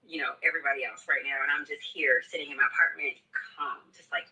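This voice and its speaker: Upbeat man who rambles and restarts, bright tone, recorded from well off the mic. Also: medium pitch, steady tone, fast, distant mic, highs cut off. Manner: rambling, repeats words, upbeat. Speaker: caller. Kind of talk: casual testimony on a live audio space.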